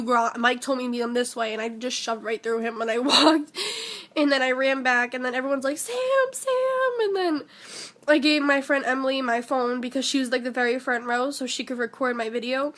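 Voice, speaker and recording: A teenage girl telling an excited personal story, gushing and filling every pause with "like," shaky and close to tears. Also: high voice. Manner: breathless, gushing, heavy use of "like". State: shaky and emotional, near tears. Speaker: vlogger.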